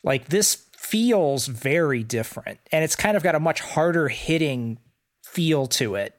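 A man's voice: on the high side, animated, measured pace. Enthusiastic rambling podcast man. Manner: enthusiastic, rambling with many "like" fillers. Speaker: podcast co-host. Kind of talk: casual music review chat.

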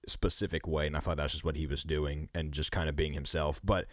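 A man's voice: rumbling low, flat delivery, fairly quick, dry recording, studio quality. A man joining a podcast as a guest, casually chatting and agreeing. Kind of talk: casual film discussion.

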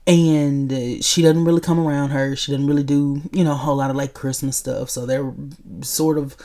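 A woman vlogging a casual movie review, chatty and animated, talking straight to her viewers. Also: a bass voice, normal speed. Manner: chatty, animated, addresses viewers as y'all, laughs often. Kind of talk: casual chat.

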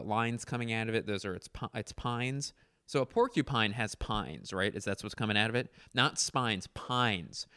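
A man's voice: lowish voice, fairly bright tone, clear, resonant tone, no room sound, clean studio sound. A young man reading aloud his childhood animal stories and joking about his old drawings in a rambling, self-mocking way. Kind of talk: casual commentary.

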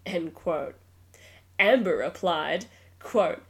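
A woman's voice: mid-range voice, expressive, unhurried. Blunt, swearing woman podcast host. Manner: blunt and exasperated, swears freely, laughs often. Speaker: true crime podcast host. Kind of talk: casual storytelling podcast narration.

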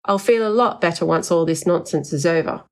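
Neat, guarded older gentleman, mild and measured, read by a woman in a storybook reading, low-pitched voice. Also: close to an everyday voice.

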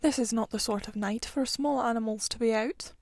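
A woman voicing a gruff old male badger in a storybook reading, stern and fatherly by turns. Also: fairly high pitch, moderate pace, a little mellow, no room sound.

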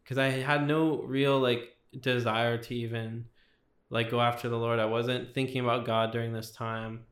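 A young man shares his testimony as a podcast guest. His voice stays flat and even, with lots of "like" and "you know". The room around him rings with echo. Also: medium pitch. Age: 20s. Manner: rambling, heavy use of "like" and "you know". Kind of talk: testimony in casual chat. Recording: roomy echo.

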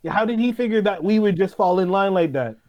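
A man's voice: high voice, lively intonation, lo-fi sound. A man co-hosting a casual podcast chat, cutting in with slangy, joking remarks. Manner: slangy, quick joking interjections. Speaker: podcast co-host.

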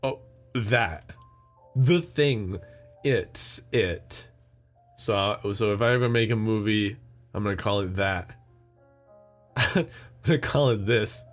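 A young man with an American accent hosts a solo podcast, talking at an unhurried, drawn-out pace. He rambles and jokes with plenty of fillers and little laughs. Faint music sits underneath. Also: fairly low pitch. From United States. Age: young adult. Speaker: podcast host. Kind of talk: solo casual chat.

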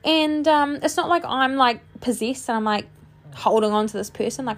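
A woman who works as a medium, chatting casually to her listeners about a reading, with many fillers and lively quoted exchanges. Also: fairly high pitch, normal speed. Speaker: medium, podcast host.

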